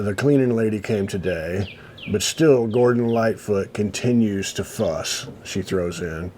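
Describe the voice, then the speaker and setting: Male host, low voice, casual read-aloud with asides, faint room hiss. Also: a little mellow. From United States. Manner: reads haltingly, stops to comment. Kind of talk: casual chat, reading an old article aloud.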